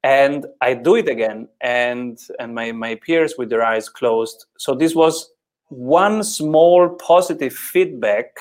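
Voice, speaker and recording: This is a man with an Italian accent, hosting a podcast conversation in a voice of ordinary pitch. He speaks thoughtfully and often repeats words while he searches for the right phrasing. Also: takes it slowly, a little mellow. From Italy. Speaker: podcast host. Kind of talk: interview conversation.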